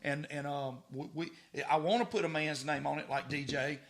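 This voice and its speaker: A middle-aged man, a podcast guest telling stories in a lively way, repeating words as he goes. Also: fairly high pitch, normal speed. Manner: animated, stammering repeats, acts out dialogue. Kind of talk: casual storytelling.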